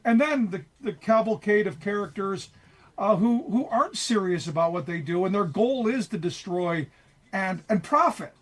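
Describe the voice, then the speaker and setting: High-voiced sarcastic male radio host. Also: animated, normal speed. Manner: sarcastic, passionate political commentary. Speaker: radio talk show host guest. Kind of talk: casual talk radio.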